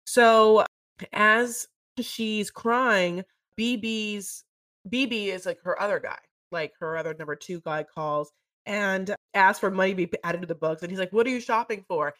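A woman's voice: mid-range voice, a little slow, a bit bright. A woman co-hosting a podcast, chatting gossipily about a reality show and acting out the people in it. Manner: chatty, gossipy, acts out quotes. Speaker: podcast co-host. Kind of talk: casual chat recapping a reality show.

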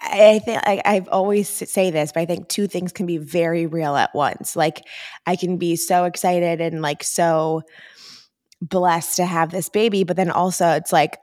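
A woman's voice: fairly low pitch, fairly even intonation, normal speed, darkish tone. A young pregnant woman chatting candidly with her mother, a little short of breath. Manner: candid, tired, frank. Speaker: fitness trainer. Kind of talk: casual chat.

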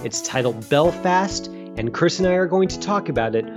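A man's voice: on the high side, moderate pace, music in the background. A man hosting a film podcast, chatting casually with many restarts and asides. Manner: relaxed, rambling with restarts. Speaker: podcast host.

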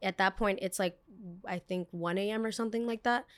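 A woman's voice: medium pitch, a little fast. A young adult woman hosting a podcast, telling a story in a chatty way, full of fillers, tangents and blunt swearing. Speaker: podcast host. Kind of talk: casual storytelling.

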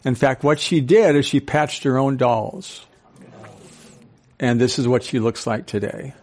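Older male speaker, sixties, animated, audience questions, storytelling. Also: mid-range voice, unhurried. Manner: storytelling with acted-out quotes. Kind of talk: talk to a live audience.

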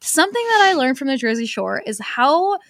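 High-voiced giggly woman, dry close mic. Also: sing-song, a little fast, a bit bright, dry recording. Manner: giggly, rambling, trails off. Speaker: podcast guest. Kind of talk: casual chat.

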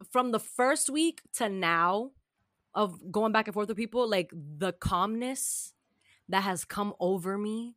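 A woman co-hosting a casual podcast chat, blunt and profane, telling animated stories. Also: medium pitch, no echo, clean studio sound. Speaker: co-host.

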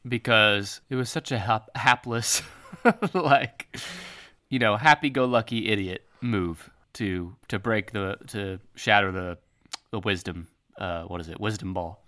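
A man guesting on a casual podcast with a low voice and bright, forceful tone. He throws in wry, emphatic remarks. His talk is loose and conversational. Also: a little slow.

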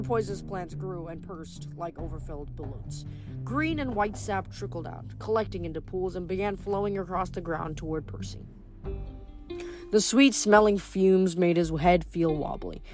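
A woman reading chapters of a novel aloud in an animated, expressive way. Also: lowish voice, normal speed, faint music behind. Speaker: audiobook reader.

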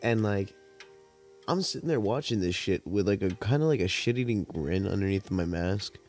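A young man hosting a podcast, telling stories in a rambling, laid-back, profane way while high, with cotton mouth. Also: expressive, moderate pace, darkish tone, faint music behind. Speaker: podcast host. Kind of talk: casual storytelling monologue.

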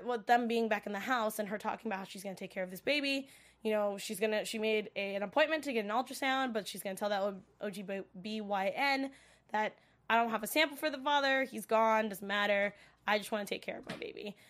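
Gushing young woman, high voice. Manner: gushing, filler-heavy, lots of "like" and "you know". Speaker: TV episode recap vlogger. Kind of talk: casual spoken recap.

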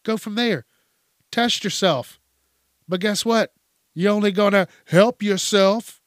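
A man's voice: high voice, slow, dry recording, clean studio sound. A middle-aged man hosting a podcast, talking in a blunt, profane, rambling monologue. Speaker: podcast host. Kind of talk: casual monologue.

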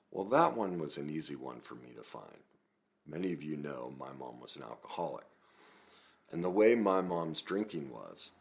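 A middle-aged man talking to his viewers as a self-help coach, animated and acting out quoted lines loudly. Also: extremely low pitch. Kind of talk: video talk to viewers.

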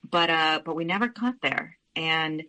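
A woman's voice: low voice, unhurried, pushed and bright, poor audio. A woman as a podcast guest, telling a personal family story in an earnest, candid way with frequent restarts.

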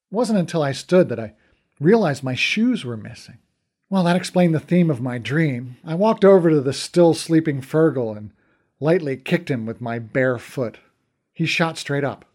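A man's voice: medium pitch, darkish tone. A man narrating a first-person fantasy story in a wry, casual way.

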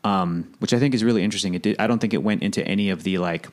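A man's voice: lowish voice, very fast. A man hosting a casual podcast about films, talking animatedly and breaking into acted-out quotes. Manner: animated, laughing, acts out quotes in loud voices. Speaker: podcast host. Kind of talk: casual podcast film discussion.

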